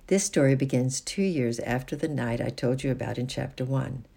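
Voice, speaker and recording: A gravelly, husky storybook reader. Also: medium pitch, moderate pace, warm tone. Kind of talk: storybook reading.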